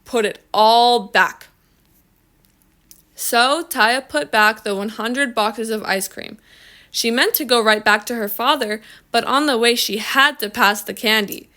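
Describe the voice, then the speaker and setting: A woman reading a children's story aloud in a slow, expressive storytelling manner. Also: a little high. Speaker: reader.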